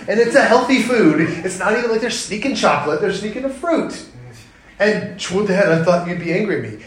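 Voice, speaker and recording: A man in his thirties delivers a sermon in a loose, conversational way, turning animated when he tells stories. His voice sits a little high for a man. The sound carries the reflections of a large, echoey church room. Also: brisk, a little hiss or hum. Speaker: pastor.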